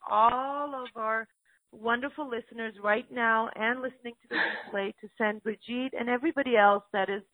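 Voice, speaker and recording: A woman hosts a live call-in show, greeting each caller warmly and calling them honey or sweetheart. Her voice sits a little high and sounds completely dry, and the audio comes through a thin, tinny phone-like line. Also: fairly even intonation, normal speed, no echo.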